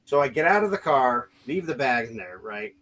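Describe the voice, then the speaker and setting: A man hosts a podcast and tells a long story in a loose, casual way. His voice sits at an ordinary middle pitch, and he keeps backtracking with fillers and restarts. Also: expressive, normal speed, fairly bright tone, low-quality recording. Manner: rambling, many restarts and fillers, acts out quoted voices. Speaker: podcast host.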